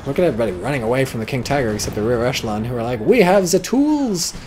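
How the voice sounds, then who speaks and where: A man with an American accent giving casual play-by-play commentary on a strategy game, excitable, swearing and yelping at big plays. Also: medium pitch, very fast, slight background noise.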